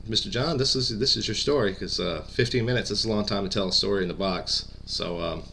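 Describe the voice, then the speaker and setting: A man's voice: fairly low pitch, fairly quick, vocal fry, pushed and bright, slight background noise. A man, a former pro wrestler, telling a story in a casual, rambling way full of fillers and stutters.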